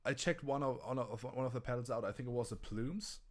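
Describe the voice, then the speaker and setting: A man's voice: medium pitch, fast. A man with a German accent co-hosting a casual live stream about guitar gear, talking with many restarts and stammers. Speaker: co-host.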